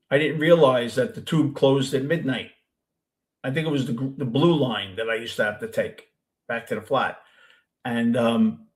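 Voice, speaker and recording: A man with a Brooklyn accent who hosts a show, chatting casually with a caller and telling long, rambling stories with many restarts. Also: medium pitch. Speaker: host.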